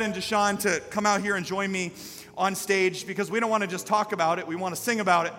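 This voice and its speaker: Bright-voiced preacher in a reverberant sanctuary. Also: male voice, high voice, quick pace. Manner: storytelling that builds to loud, impassioned preaching. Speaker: pastor. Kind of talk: sermon. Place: church sanctuary. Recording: live hall reverb with faint music.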